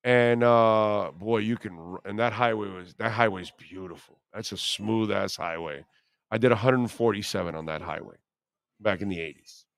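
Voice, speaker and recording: A man's voice: on the low side, normal speed, creaky, dry recording, studio quality. A man in his fifties hosting a sports radio show, telling brash, profane stories in a casual way.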